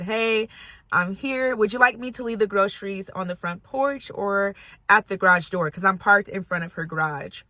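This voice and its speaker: A young woman telling a personal story to her viewers in a casual, animated way, laughing often and acting out her own reactions. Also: medium pitch, dry recording. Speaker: storytime vlogger.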